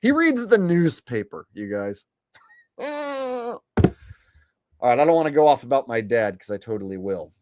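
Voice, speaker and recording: A man's voice: a little high, very animated, normal speed, pauses often, a little hiss or hum. Crude sarcastic male commentator. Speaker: commentary host. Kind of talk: mocking commentary.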